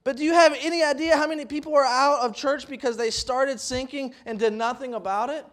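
A young man preaching a folksy sermon, rambling with restarts and rising to loud, emphatic peaks. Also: very high voice, steady tone, brisk.

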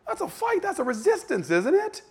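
High-voiced man preaching, stammering restarts. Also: huge pitch swings, normal speed. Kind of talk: sermon.

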